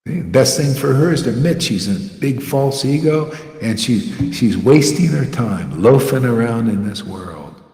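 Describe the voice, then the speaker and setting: A man's voice: medium pitch, a little slow, few pauses. Male preacher, casual mocking sermon delivery, reverberant hall sound. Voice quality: animated, scornful, mocking quacks, laughs often. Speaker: spiritual teacher. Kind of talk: informal devotional sermon. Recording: echoey room with long reverb.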